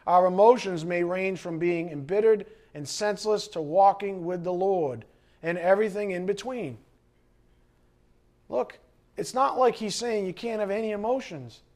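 Animated high-voiced male preacher. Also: moderate pace. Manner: animated preaching, acts out quoted voices and shouts. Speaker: pastor. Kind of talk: sermon.

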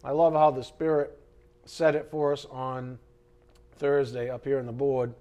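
A male pastor preaching a sermon in an animated, conversational way, joking with the congregation and swinging between loud emphasis and quiet asides. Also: mid-range voice, a little slow.

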